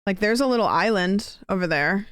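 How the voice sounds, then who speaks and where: A woman's voice: mid-range voice, animated, a little fast, fairly bright tone, clear, resonant tone, no echo, clean studio sound. A young woman streaming a game, chatting with viewers in a rambling, casual way. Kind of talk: casual gameplay chat.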